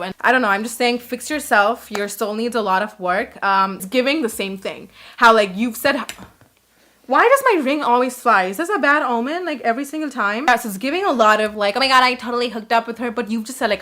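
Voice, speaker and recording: A woman's voice: fairly high pitch, sharp tone. A young woman in her twenties telling a casual storytime, chatty and blunt, with lots of "like" and swearing.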